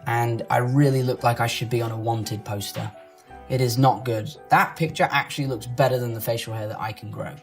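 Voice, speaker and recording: A man's voice: medium pitch, fairly even intonation, brisk. Joking young man with London accent. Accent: London English. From England. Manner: playful, joking, self-mocking. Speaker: actor reading fan comments. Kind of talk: casual reaction to online comments. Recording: music playing underneath.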